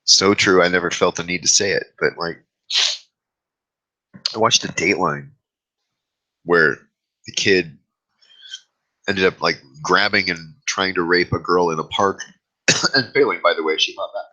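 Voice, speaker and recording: A man with a low, steady voice hosts his own vlog and speaks openly and at length about his fears into his camera. He talks at a measured pace with frequent pauses, his tone bright and forceful, and the self-recorded camera-mic audio sounds dull.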